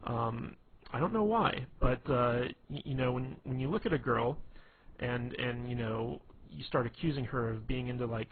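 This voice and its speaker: A man's voice: mid-range voice, moderate pace, slightly rough. A man giving casual dating advice, rambling with lots of fillers, restarts and "you know". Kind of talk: casual instructional talk. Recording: tinny phone-quality recording with faint hiss.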